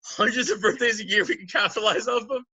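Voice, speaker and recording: A man in his thirties voicing an excitable, greedy male cartoon milkshake, shouting with exasperation. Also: sits high, fast talker, breathy edge, no echo, dull audio, voice pushed up, full character voice. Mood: exasperated.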